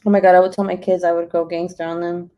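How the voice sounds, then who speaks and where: A woman's voice: lowish voice, flat delivery, fast, dark tone. A young adult woman telling a story on a casual live stream, blunt and profane, breaking into laughter often. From Mexican heritage. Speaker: vlogger.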